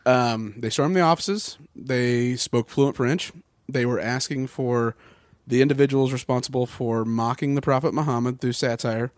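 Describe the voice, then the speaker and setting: A man's voice: mid-range voice, normal speed, no echo, clean studio sound. A man co-hosting a podcast, laying out facts at length in casual talk with fillers. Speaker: podcast co-host. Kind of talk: casual political chat.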